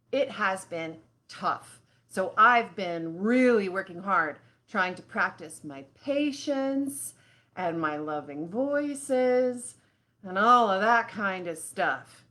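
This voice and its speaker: A woman hosting a live children's lesson who talks straight to the kids at home. Her voice sits high and bright, and she takes her time, drawing her words out slowly. She talks expressively, with plenty of sighs and exclamations. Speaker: children's show host.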